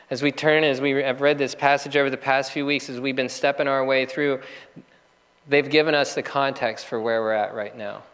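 Guy preaching a sermon, earnest and slow on the big lines, lots of echo from the church. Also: mid-range voice, a bit bright. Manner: earnest, measured preaching with slow emphatic pauses. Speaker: pastor.

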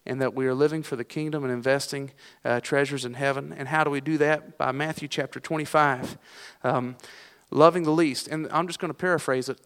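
Smooth-voiced folksy male preacher. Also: medium pitch, steady tone, fairly quick, fairly bright tone, long reverb tail. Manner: folksy and self-deprecating, frequent restarts and fillers. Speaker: pastor. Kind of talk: sermon.

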